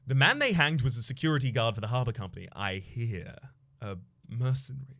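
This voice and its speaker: A man voicing a gruff middle-aged male bar manager who haughtily demands money. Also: medium pitch, expressive, brisk, sharp tone, full character voice. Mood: demanding.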